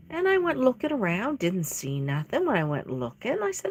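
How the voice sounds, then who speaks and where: A woman chatting casually while she paints a doll on a live stream, telling rambling stories in an expressive way. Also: mid-range voice, normal speed, vocal fry, slightly rough.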